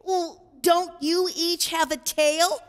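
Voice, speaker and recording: Woman playing a bright, eager little platypus. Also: very high-pitched, level tone, slow, in a large hall, voice pushed up. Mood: cheerful. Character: young female platypus, cheerful, searching for belonging.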